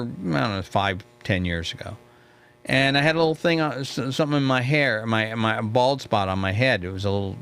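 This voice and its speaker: A man's voice: on the low side, creaky, a bit bright. A middle-aged man hosting a live mentoring talk, chatty and storytelling, who often checks in with "okay?". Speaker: host.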